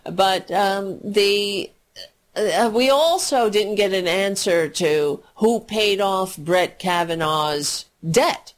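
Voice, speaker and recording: Slow, profane ranting woman. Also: mid-range voice. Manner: profane, exasperated, mocking. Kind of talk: political commentary rant.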